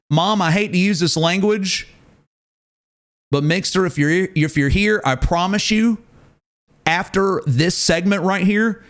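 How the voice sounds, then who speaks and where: A man's voice: high voice, moderate pace. A male streamer chatting live, ranting emphatically and repeating words for effect. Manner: animated, ranting, emphatic repetition.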